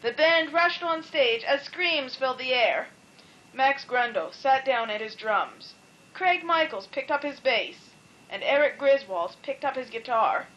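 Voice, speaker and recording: A woman reading a children's storybook aloud in a playful, expressive way. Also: high-pitched, a little slow, lo-fi sound. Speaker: storybook reader.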